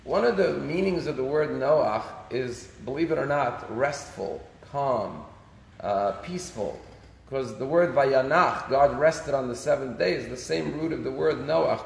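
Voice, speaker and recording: A rabbi giving a casual daily sermon, telling stories and using Hebrew phrases. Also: male voice, medium pitch, gravelly. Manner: conversational storytelling, Hebrew phrases. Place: synagogue sanctuary. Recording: echoey synagogue hall.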